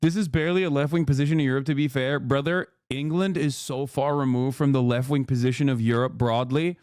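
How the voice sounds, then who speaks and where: Male streamer, casual political commentary, profane and mocking, smooth voice, dry close mic. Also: medium pitch, fairly even intonation, a little fast, a little mellow, no echo. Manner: rambling, profane, mocking, repeats himself. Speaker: streamer reacting to news.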